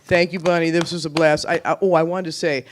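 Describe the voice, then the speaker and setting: A man's voice: fairly high pitch, little pitch movement, fast, a little hiss or hum. A man hosting a blues show, chatting with a guest and signing off with thanks. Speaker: radio show host. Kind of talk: casual chat, show sign-off.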